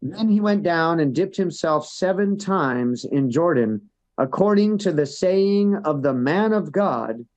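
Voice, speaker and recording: High-voiced man preaching a sermon. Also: expressive, a little slow, darkish tone. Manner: reads scripture then retells it in plain words, tag questions. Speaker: church elder preaching. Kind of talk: sermon with scripture reading.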